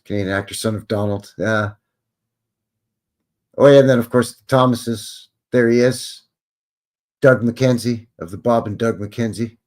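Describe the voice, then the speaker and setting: A man's voice: medium pitch, steady tone, unhurried, pauses often, darkish tone. A man hosting a live stream, talking casually over old photos with joking, rambling, wry asides. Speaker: livestream host.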